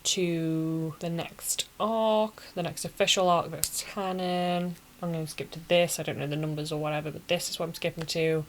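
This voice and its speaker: Low-voiced gushing woman. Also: fairly even intonation, moderate pace, few pauses, slight background noise, rough recording. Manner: gushing, emotional fan with dramatic asides. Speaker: anime reviewer. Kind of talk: casual retelling.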